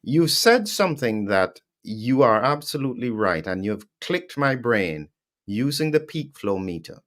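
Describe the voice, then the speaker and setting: A man's voice: medium pitch, very animated, unhurried, a bit bright. A man hosting an interview, asking careful, probing questions and recapping points for listeners. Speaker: interview host.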